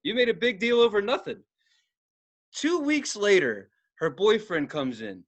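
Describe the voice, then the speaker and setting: A man's voice: sits high, big pitch swings, unhurried. A man on a podcast telling a rowdy story in casual chat, swearing freely and acting out the voices in his quotes. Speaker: podcast co-host.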